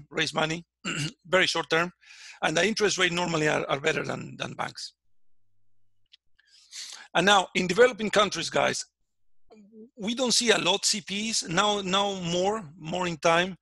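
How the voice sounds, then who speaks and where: A man's voice: on the high side, vocal fry, sharp tone, no echo. A man teaching a finance class over a video call, often stopping to check that students follow. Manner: checks understanding often, with many restarts. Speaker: finance lecturer. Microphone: computer mic on a video call.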